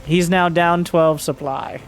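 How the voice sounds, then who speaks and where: A man giving solo play-by-play commentary on a strategy game, getting excitable and shouting when fights break out. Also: slow, soft background music. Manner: excitable, voice jumps high and shouts during fights. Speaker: esports caster.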